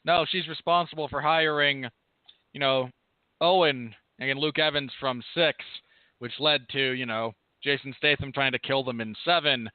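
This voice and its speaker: A man's voice: medium pitch, steady tone, moderate pace, no room sound. Eager man chiming in on a phone line. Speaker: podcast co-host, film reviewer. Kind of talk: casual movie-review chat. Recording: dry, tinny phone-like line.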